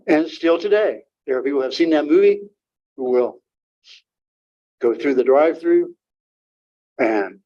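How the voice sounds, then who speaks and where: An older man, a guest author, talking informally to an audience and taking questions, halting with many fillers and restarts. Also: fairly high pitch, animated, dark tone. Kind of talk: informal talk and Q&A. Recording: dull lo-fi room recording.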